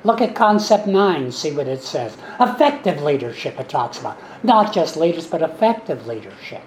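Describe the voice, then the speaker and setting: A man in his seventies tells his story to a meeting in a folksy, repetitive way with a dry, sarcastic edge. His voice sits slightly high for a man. The room is echoey, with a faint hum behind him. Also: very animated, normal speed. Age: 70s. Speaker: speaker sharing recovery story. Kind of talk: recovery meeting talk.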